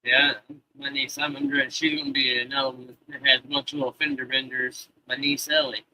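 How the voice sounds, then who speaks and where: A man's voice: mid-range voice, level tone, a little fast, pushed and bright, dry recording, poor audio. A man in his thirties, a live streamer rambling in casual chat with heavy swearing and loose, restarting sentences. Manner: profane, rambling, talks to chat.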